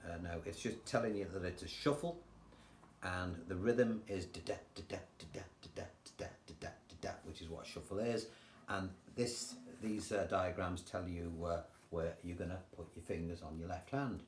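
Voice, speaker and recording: Deep-voiced older English guitar teacher. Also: male voice, moderate pace, slight background noise. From England. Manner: chatty, relaxed, counts rhythms aloud. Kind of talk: casual guitar tutorial. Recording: roomy sound with guitar playing.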